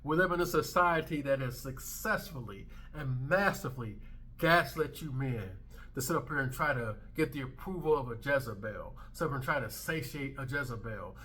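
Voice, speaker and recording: Man in his thirties, vlog host; brash emphatic rant, bright tense tone. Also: medium pitch. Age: 30s. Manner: brash, emphatic, swearing freely. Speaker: commentary channel host. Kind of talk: ranting commentary vlog.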